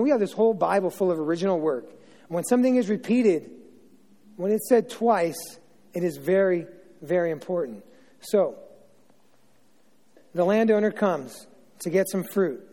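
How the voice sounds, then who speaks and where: A middle-aged man preaches in a loose, joking way, breaking off for asides. His voice sits high but sounds mellow and dark. Long reverb trails off every word in a big church hall. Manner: chatty, self-interrupting, jokey asides. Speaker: pastor. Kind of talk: informal joking sermon.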